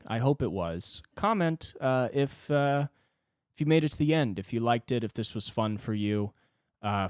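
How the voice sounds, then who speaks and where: A man in his twenties hosting a solo comedy podcast, talking self-deprecatingly and swinging between loud outbursts and low muttering. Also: no room sound, clean studio sound. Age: 20s. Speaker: podcast host.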